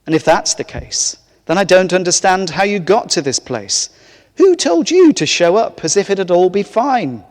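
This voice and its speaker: A man's voice: high voice, sing-song, pitched above the performer's own voice. A man voicing an officious angel on duty at heaven's reception, firing off stern questions. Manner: rapid-fire questioning, stern. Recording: echoey church hall.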